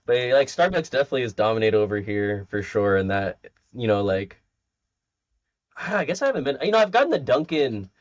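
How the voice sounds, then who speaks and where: A man at an average male pitch, joining a podcast chat in halting bursts full of fillers and quick reactions. His voice comes through dull and lo-fi, with a close, dry sound. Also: very animated, no echo. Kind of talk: casual chat.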